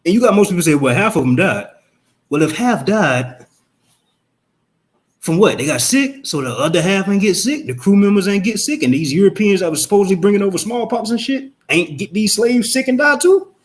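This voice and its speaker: A man ranting on a casual live stream, profane and emphatic, firing off rhetorical questions in quick rambling bursts. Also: high voice, expressive. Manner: fast rambling outbursts.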